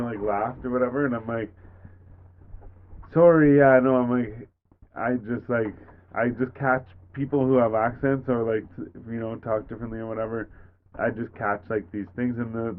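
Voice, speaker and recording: Rambling low-voiced Canadian man, tinny. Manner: rambling, lots of fillers and swearing. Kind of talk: casual storytelling. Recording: tinny phone-like audio with faint noise.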